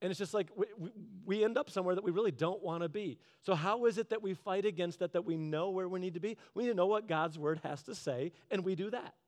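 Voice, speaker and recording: Male preacher with a high voice and an earnest, chatty sermon delivery. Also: fast talker, hardly any pauses, a little mellow. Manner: earnest, chatty storytelling with laughs. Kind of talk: conversational sermon.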